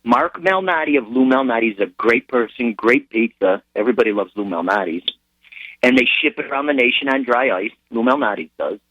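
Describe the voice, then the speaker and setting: A man's voice: medium pitch, animated, fairly quick, no echo, muffled recording. A middle-aged man, a sergeant who is a guest on a radio interview, telling rambling anecdotes with frequent restarts. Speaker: military sergeant and charity founder as a guest.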